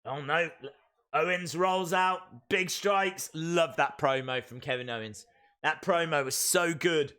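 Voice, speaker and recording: A man hosting a live watch-along stream, reacting excitedly and calling out the moves as they happen. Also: on the high side, a little slow.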